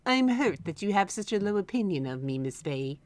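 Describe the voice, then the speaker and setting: A woman's voice: medium pitch, big pitch swings, a little fast, background noise, close to an everyday voice. A woman voicing a smug male prosecutor as she reads game dialogue aloud.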